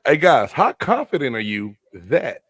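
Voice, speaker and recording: A man hosting a casual live sports chat, loud and joking with his co-hosts. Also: medium pitch, very animated, measured pace, husky, dry recording. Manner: loud, hyped, joking banter. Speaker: host.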